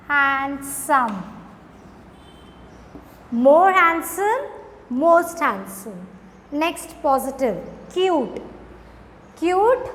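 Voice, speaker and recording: A woman teacher talks high and unhurried, stretching each word for her young pupils. Her voice rings with a long echo in the room. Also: fairly bright tone. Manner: slow, drawn-out, addresses children often. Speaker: school teacher. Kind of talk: recorded grammar lesson for children.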